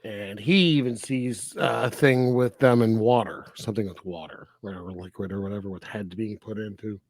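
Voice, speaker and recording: A man co-hosting a film review podcast in casual chat, animated and laughing often as he retells scenes. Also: lowish voice, normal speed, dry recording, studio quality. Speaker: podcast co-host reviewing films.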